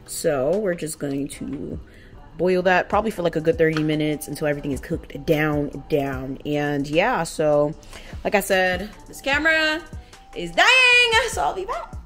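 A woman's voice: sits low, lively intonation, unhurried, fairly bright tone, faint music behind. A woman vlogging a story from home, ranting in a heated, profane way. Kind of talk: storytime vlog. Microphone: camera.

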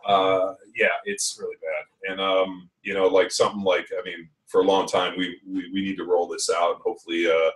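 A deep-voiced man talks loosely on a podcast, rambling through fillers and dropping curse words as he goes. His voice sits a little back from the microphone, so it sounds slightly distant. The pace stays easygoing and conversational. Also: level tone, normal speed, hardly any pauses, echoey room. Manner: rambling and profane, lots of fillers. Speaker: podcast host. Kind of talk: casual podcast chat.

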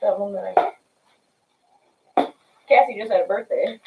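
A woman's voice: mid-range voice, a little slow, a little mellow, reverberant, far from the mic, rough recording. A woman visiting as a guest friend, tossing in brief, wry, offhand remarks in casual chat. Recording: heard from off-mic.

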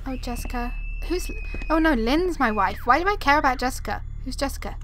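A woman's voice: high voice, lively intonation, a little fast, fairly bright tone. A young woman giving frightened, rambling live commentary on a horror game, often repeating herself and talking to her viewers. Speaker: gaming video creator. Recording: noisy background.

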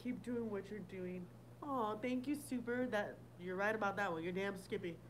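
Heard in a low-quality recording with a bit of hiss or hum, a mid-range female voice speaks at normal speed. She's a livestream host answering viewer comments casually, blunt and profane and laughing a lot.

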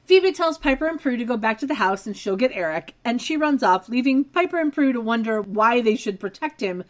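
Podcast co-host, woman, slightly high pitch, relaxed recap chat, detail-focused. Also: fairly quick. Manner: detailed, nitpicking, agreeable.

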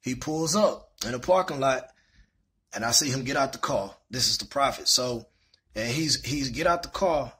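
A man's voice: mid-range voice, animated, moderate pace, a bit bright, husky. A young man telling a personal story in a candid, rambling way, full of fillers. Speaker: vlogger.

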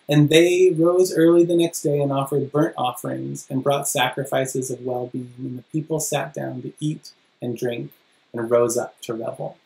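A pastor reads scripture aloud and preaches with dramatic emphasis, slowing down to stress key phrases. The voice sits at a middle pitch. The recording carries the roomy echo of a church. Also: fairly even intonation, gravelly, warm tone. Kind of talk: sermon.

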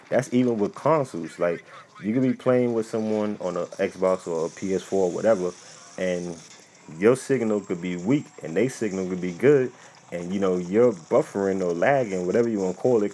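A man with a deep, low voice talks over his gameplay in a loose, rambling, conversational way. A faint noise sits under the recording. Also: darkish tone. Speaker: gaming YouTuber. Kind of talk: casual gameplay commentary.

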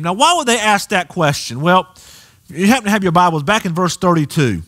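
A pastor with a Southern US accent preaching a sermon in a church, animated and rising to near shouts. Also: male voice, high voice, a little fast. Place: church sanctuary.

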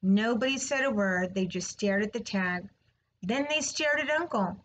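A woman, a third grade teacher, reading a children's novel aloud slowly, clearly and expressively. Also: medium pitch, expressive, a bit bright, lo-fi sound, a little hiss or hum. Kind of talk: storybook read-aloud.

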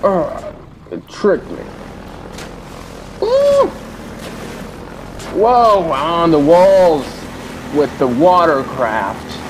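A young man giving goofy, boastful let's play commentary, whooping and cheering as he plays. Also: medium pitch. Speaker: gamer. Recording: game sounds and engine noise behind.

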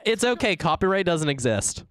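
A man's voice: high-pitched, sing-song, normal speed, fairly bright tone. A man streaming a video game, chatting casually with friends in a joking, teasing way and swearing freely. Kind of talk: casual gaming chat.

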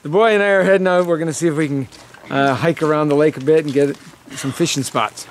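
Chatty dad vlogging outdoors, a bit high. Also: male voice, fast, slight background noise. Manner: jokey, chatty, talking to camera. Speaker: vlog host, dad. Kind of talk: casual outdoor vlog narration. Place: outdoors by a small lake and marsh.

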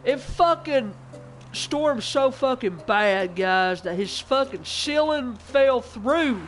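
Young male streamer, high-pitched, loose excitable storyteller, heavy swearing. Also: takes it slowly, soft background music. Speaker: gaming streamer. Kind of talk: casual rambling gameplay chat.

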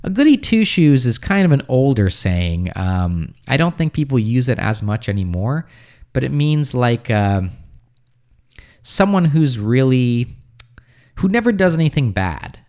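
A young American man hosting a casual livestream, reading viewer comments aloud and answering them in a relaxed way, with lots of fillers and restarts. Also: medium pitch, a little slow. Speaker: livestream host, English teacher.

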